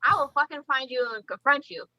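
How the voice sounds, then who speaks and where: A high-pitched woman talks a little fast in a muffled, echo-free recording as a podcast guest. She breeds reptiles and tells blunt, swearing-filled stories with acted-out quotes on the casual show.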